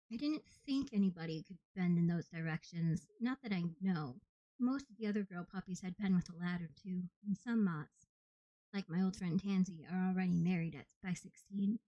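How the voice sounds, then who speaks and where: A woman reads an audiobook in the first person in a mellow, steady voice. The recording is dry and a little dull, with no room sound. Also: fairly low pitch, moderate pace, no room sound. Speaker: audiobook reader.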